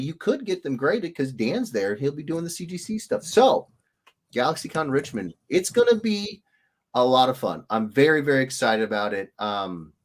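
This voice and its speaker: A man who illustrates hosts a relaxed livestream, chatting casually with viewers in a slightly high voice. His pitch jumps up and down constantly, and he greets each commenter in a playful sing-song, sounding animated and chatty.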